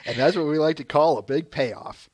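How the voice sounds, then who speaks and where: A man hosting an interview, reading out listener questions in a relaxed, low-key way. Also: moderate pace, no room sound. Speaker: podcast host.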